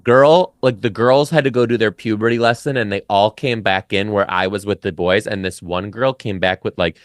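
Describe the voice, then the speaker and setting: A former teacher, a man guesting on a casual podcast, emphatic and profane, jumping high in pitch when he quotes himself. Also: normal speed, dry recording, studio quality. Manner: emphatic, swears freely, big pitch jumps when quoting.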